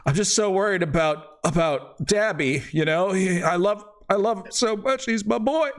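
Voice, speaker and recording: A man doing a gruff, blustering old-school dad. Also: high voice, normal speed, voice pushed up. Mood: pleading. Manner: grumbling, blustering, then pleading. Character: gruff worried middle-aged human father.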